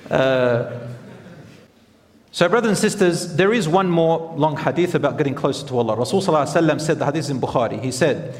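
A man's voice: on the high side, expressive, fast talker. A man preaching a sermon in a conversational, storytelling way, mixing Arabic phrases into his talk. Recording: echoey hall reverb.

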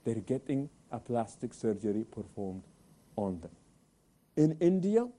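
A man hosting a televised Islamic talk program, animated, answering his own questions and sprinkling in Arabic religious phrases. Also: medium pitch, unhurried.

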